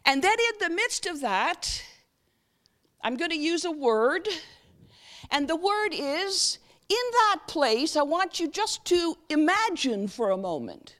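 A woman giving a sermon in a high voice that rises and falls with a lot of life. She keeps checking in with her listeners, asking them to answer her, then slows into a soft guided reflection. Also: sing-song. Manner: interactive, asks the audience frequent questions; leads a guided reflection, slow and soft at times. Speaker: guest speaker.

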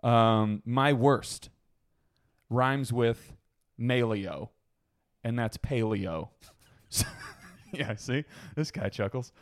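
A man's voice: mid-range voice, drawn-out words, no echo, studio quality. A man co-hosting a podcast in casual chat, rambling, laughing often and swearing freely. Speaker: podcast co-host.

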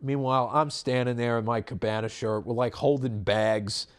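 A man co-hosting a podcast in casual chat, telling stories in a rambling, relaxed way. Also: medium pitch, normal speed, smooth. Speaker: podcast co-host.

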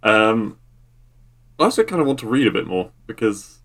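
A low-voiced man co-hosts a podcast in easygoing conversation. He talks hesitantly and leans on "uh" and "um" while he finds his words. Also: big pitch swings, moderate pace, vocal fry, a bit bright. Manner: hesitant, lots of "uh" and "um". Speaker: podcast co-host. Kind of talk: casual chat.

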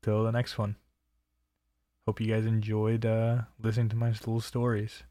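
A man's voice: fairly low pitch, monotone, moderate pace, mellow, no room sound, studio quality. A young man telling personal stories in a casual, rambling way, swearing freely and filling with "like" and "um". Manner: rambling and profane, full of fillers. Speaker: storyteller.

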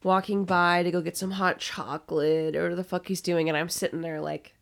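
A woman's voice: fairly low pitch, steady tone, fairly quick, gravelly. A young woman co-hosting a podcast, telling work stories in a blunt, casual way and swearing freely. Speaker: podcast co-host. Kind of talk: casual chat.

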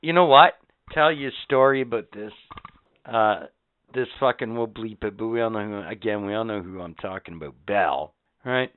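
A man co-hosting a casual podcast tells stories in an angry, profane rant. His voice is fairly low, smooth and at a moderate pace, with no room sound, though the recording has a tinny, phone-like quality.

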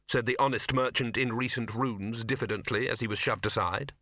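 A man with a mid-range voice narrates a comic fantasy novel as an audiobook, speaking fairly quickly with a faint hiss or hum in the background. His scripted reading is lively, and he gives each of the many characters a voice of their own.

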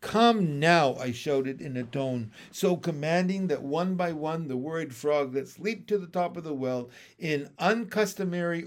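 Slow, expressive male storybook reader. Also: a little high. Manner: expressive, unhurried reading. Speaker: narrator. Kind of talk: storybook read-aloud.

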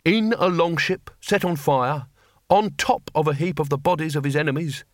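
Man doing an old gruff barbarian chief. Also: a little high, normal speed, dry recording, clean studio sound, pitched above the performer's own voice, close to an everyday voice.

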